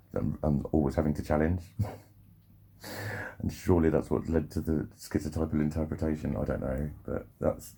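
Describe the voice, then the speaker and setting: Very deep gravelly man, rambling. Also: dark tone. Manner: rambling, sweary, self-interrupting. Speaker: vlogger. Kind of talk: casual vlog monologue.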